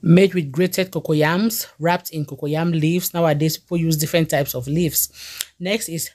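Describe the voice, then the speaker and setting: A woman's voice: low-pitched, steady tone, moderate pace, a little mellow. A young woman with a Cameroonian accent, presenting a list of dishes in a chatty, enthusiastic way. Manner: enthusiastic, chatty, laughs easily. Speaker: food vlogger.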